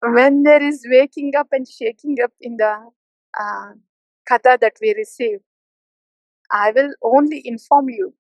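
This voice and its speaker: A high-pitched woman gives a devotional talk, teasing her listeners and then pressing them to take it seriously. Her voice sounds dry and close, with almost no room in it. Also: a little slow, dry recording, poor audio. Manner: playful, mimics complacent listeners with soft laughs. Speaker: spiritual teacher.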